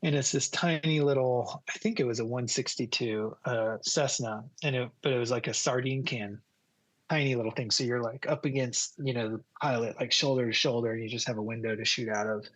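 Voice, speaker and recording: A man, a guest photographer, telling a story in a casual, animated way and laughing as he goes. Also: medium pitch, a little fast.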